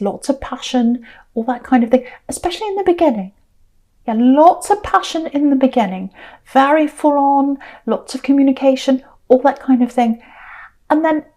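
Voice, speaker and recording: Mellow-voiced woman reading tarot. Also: high-pitched. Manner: chatty, searching, repeats herself. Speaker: tarot reader. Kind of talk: casual spoken tarot reading.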